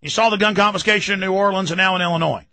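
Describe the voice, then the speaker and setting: A man in his thirties with a Texan accent, hosting a talk show and ranting about politics, loud and mocking, shouting at times. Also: high voice, rapid-fire, no echo, poor audio. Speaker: radio talk show host. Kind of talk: fired-up political rant.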